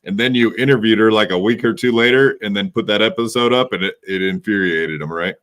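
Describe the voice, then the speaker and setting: A man's voice: fairly low pitch, fairly quick, a bit bright. A man co-hosting a podcast, casually and agreeably recounting what happened, with loose fillers.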